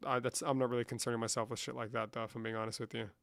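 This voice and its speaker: A man's voice: mid-range voice, level tone, racing, gravelly, a bit bright, no room sound, clean studio sound. A young man live-streaming, casually reading chat comments and answering them with lots of swearing. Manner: profane, reads chat aloud and answers.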